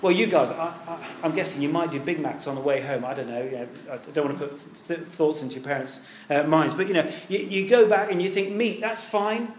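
A man preaching a sermon to a congregation, animated, acting out the quoted voices and putting questions to his listeners. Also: fairly high pitch, fast, hardly any pauses, a little hiss or hum. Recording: echoey hall.

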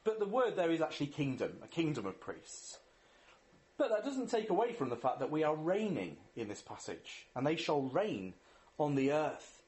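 A man's voice: fairly high pitch, sing-song, normal speed, darkish tone. A man preaching a sermon in an earnest way, reading scripture, asking rhetorical questions and leading a prayer.

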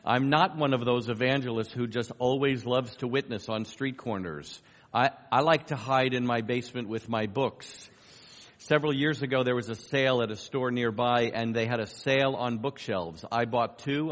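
A middle-aged man from New York with a light American accent, giving a conference talk with dry, self-deprecating humor and halting restarts. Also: mid-range voice, fairly even intonation. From New York, USA. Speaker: guest speaker on evangelism. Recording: long hall reverb.

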